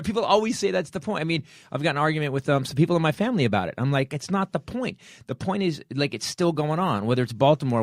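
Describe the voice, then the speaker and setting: Middle-aged guy hosting a comedy podcast, animated, acts out his buddies, dry room. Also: mid-range voice, no echo. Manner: animated storytelling, acts out quoted friends. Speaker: podcast host. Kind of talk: casual comedy podcast talk.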